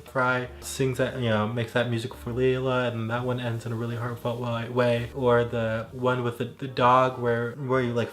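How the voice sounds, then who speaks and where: A man mixing cocktails at home, chatting casually and rambling into tangents with lots of "like" fillers. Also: medium pitch. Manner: rambling, heavy on "like" fillers, digressive. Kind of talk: casual chat while mixing drinks.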